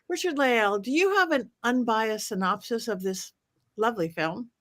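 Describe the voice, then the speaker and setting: A woman's voice: fairly high pitch, expressive, moderate pace, a bit bright. A woman hosting a casual panel chat over a video call, bubbly and drawing out her opening words. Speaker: podcast host.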